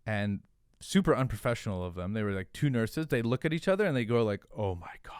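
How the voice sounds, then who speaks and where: A young man telling a story in casual podcast talk, animated and profane, with lots of fillers. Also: medium pitch, fast talker, smooth, no echo, clean studio sound. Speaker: podcast guest, hot sauce founder.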